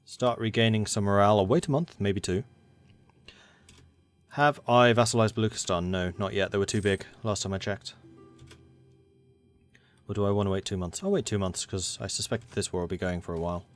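A man's voice: on the low side, brisk, long pauses, soft background music. A man commentating a strategy game, thinking aloud and talking to the game's factions as he plays. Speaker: gaming channel host.

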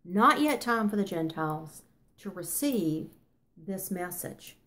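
A woman's voice: fairly low pitch, expressive, slow, fairly bright tone. Earnest older woman teaching the Bible. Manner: earnest, emphatic, with frequent fillers and self-corrections.

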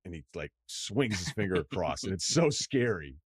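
A man's voice: low-pitched, sing-song, normal speed, slightly rough, no room sound, studio quality. A middle-aged man hosting a podcast, telling a rambling, profane, self-deprecating story in casual chat. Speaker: podcast host.

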